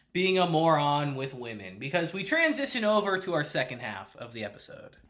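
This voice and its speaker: Animated, bright-voiced male anime reviewer. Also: a little high. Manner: animated, laughs often, swears casually. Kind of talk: casual episode recap and review.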